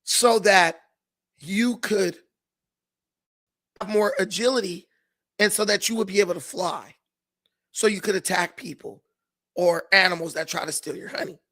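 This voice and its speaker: A man voicing a patient male creator spirit who explains things in a measured way. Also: sits high, pushed and bright, exaggerated voice. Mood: explaining.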